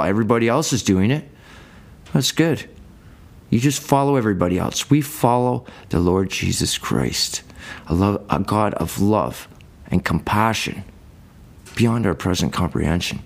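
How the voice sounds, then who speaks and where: A man preaching a sermon, reading verses and explaining them in a loose, conversational way. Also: fairly low pitch. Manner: colloquial, conversational Bible teaching.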